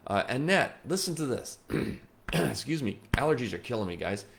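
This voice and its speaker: A man hosting a late-night livestream as a psychic medium, reading viewer comments at his computer, moving between soft, slow reflection and excited chatter. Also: medium pitch, gravelly. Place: indoors at a computer.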